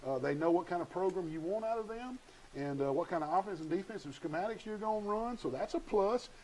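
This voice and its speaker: A man's voice: sits high, animated, quick pace, darkish tone, a little hiss or hum, rough recording. A man hosting a local sports chat, folksy and teasing, asking the coach questions. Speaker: sports show host. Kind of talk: casual interview chat.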